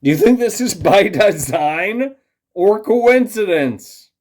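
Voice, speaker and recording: A man delivering an angry, profane rant straight to his viewers, condescending as he lurches from low muttering to loud outbursts. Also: expressive, slow. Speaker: vlogger. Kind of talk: ranting monologue to camera.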